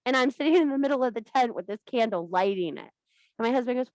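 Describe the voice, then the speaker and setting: A woman's voice: a little high, quick pace, darkish tone, no echo. A woman hosting a workshop in a blunt, profane, theatrical way, often laughing. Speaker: workshop host. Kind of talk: fiery informal workshop talk.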